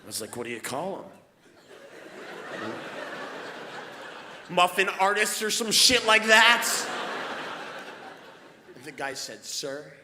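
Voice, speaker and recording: Man, stand-up comic, mutters then yells, booming hall reverb, stage mic. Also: big pitch swings, slow pace, long pauses. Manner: builds from low mutters to yelling rants. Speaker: stand-up comedian. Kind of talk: stand-up storytelling. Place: live comedy stage in a hall. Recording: echoey hall with background noise.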